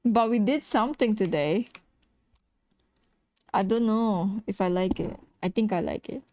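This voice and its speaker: A tired woman streams herself drawing and chats casually, laughing a lot, swearing, and teasing herself. Her medium-pitched voice is warm and a little slow, recorded at studio quality with no room sound.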